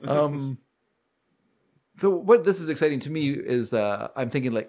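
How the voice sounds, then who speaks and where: Here's a podcast co-host recapping a show in easygoing chat, his mid-range voice creaky and his pace moderate. He keeps the retelling lively by performing the characters' dialogue.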